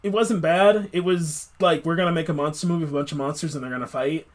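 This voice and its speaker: A man hosts a podcast, chatting casually in a rambling, filler-heavy way and laughing often. His voice is on the high side, fast, with fairly even intonation.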